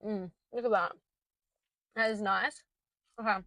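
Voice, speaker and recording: A woman's voice: mid-range voice, fairly even intonation, measured pace, fairly bright tone, no room sound, rough recording. A young Australian woman rambling through a casual storytelling vlog into a small mic, full of filler words. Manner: rambling, chatty, many fillers. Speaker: vlogger. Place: parked car. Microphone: small handheld mic.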